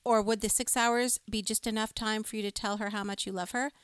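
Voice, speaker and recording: A woman's voice: a little high, little pitch movement, a little fast, smooth, no echo. A woman co-hosting a live music stream, chatting with enthusiasm and reading viewer comments aloud. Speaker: co-host of a music livestream. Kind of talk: casual live-stream chat.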